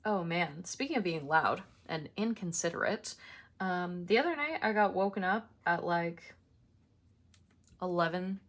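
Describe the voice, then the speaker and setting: A woman's voice: on the low side, expressive, measured pace. A young woman chatting casually as she decorates a planner at home in her apartment, with chatty, exasperated ranting asides. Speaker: planner vlogger. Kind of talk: casual chat while crafting.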